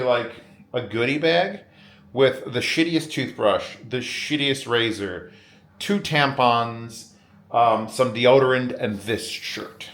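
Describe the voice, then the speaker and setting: A man's voice: medium pitch, fairly bright tone. A man hosting a casual vlog from a hotel room, rambling wryly and swearing often. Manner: rambling, profane and wry. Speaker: vlogger host.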